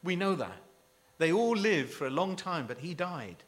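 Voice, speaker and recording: A man's voice: on the high side, big pitch swings, moderate pace. A man preaching a sermon, emphatic and full of rhetorical questions to his listeners.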